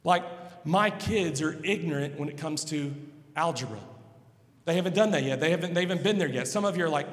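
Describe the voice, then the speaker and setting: A male pastor preaching a sermon, moving from hushed pleading to loud, emphatic passages. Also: fairly high pitch, a little fast. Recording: long hall reverb.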